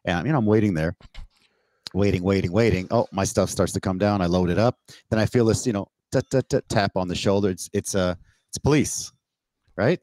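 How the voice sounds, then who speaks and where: A man from Canada, a podcast guest, telling a story in casual, animated talk over a remote call, swearing and acting out the exchanges he quotes. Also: low voice, fairly quick, dry recording. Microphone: remote call mic.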